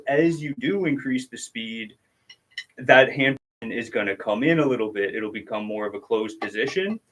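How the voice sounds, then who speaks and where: A man giving a casual drum lesson on a livestream, patiently explaining technique and counting out strokes as he demonstrates. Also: medium pitch. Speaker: drum teacher.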